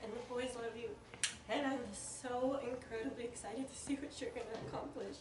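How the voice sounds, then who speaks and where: A woman giving a heartfelt, halting toast at a home party, tearful and repeating her words. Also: on the high side, steady tone. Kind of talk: emotional toast. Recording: roomy, distant, crowd behind. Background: party guests chatting.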